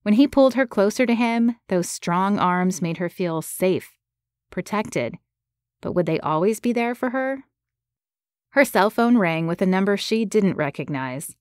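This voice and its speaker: A woman giving scripted narration of a romance audiobook in a measured, gentle way. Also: medium pitch, animated, clean tone, no room sound, clean studio sound.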